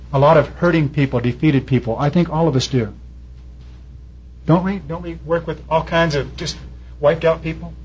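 Husky preacher man, dull lo-fi sound. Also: on the high side. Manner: storytelling preacher, quotes people in raised voices. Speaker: pastor. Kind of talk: sermon. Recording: dull lo-fi recording.

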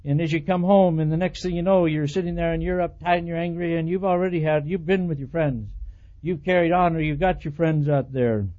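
A man preaching a sermon, telling animated stories about his marriage and acting out the dialogue. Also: a little high, a little fast, few pauses. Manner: animated storytelling, acts out quoted dialogue, chuckles at himself. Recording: dull lo-fi recording.

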